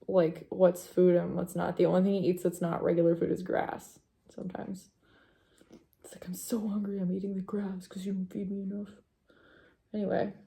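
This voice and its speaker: A woman's voice: on the low side, creaky, mellow. A young woman hosting a knitting vlog, chatting casually to camera in a rambling way, with many fillers and asides to her dog.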